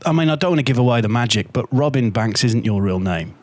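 Podcast host guy, mid-pitch voice that jumps around a lot, quick wows and questions. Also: animated. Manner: brief reactions and short questions. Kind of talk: casual interview.

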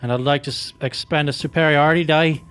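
A man's voice: a little high, steady tone, fast talker, a bit bright, smooth. A man playing a tabletop game, methodically walking through his attacks. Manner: methodical, counts out attacks step by step. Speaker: player.

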